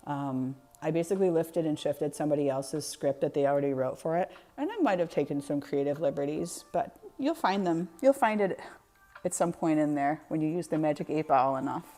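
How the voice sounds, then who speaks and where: Chatty woman streamer with a mellow voice. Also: low voice, lively intonation, brisk. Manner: chatty, laughs often, talks to chat by name. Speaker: art streamer. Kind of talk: casual live-stream chat.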